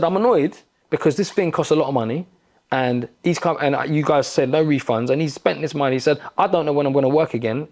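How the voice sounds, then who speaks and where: Guest in his forties, gravelly, animated storyteller who swears a lot. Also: medium pitch. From London. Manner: animated, swears freely, acts out quoted exchanges. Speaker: podcast guest. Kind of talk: casual conversational storytelling.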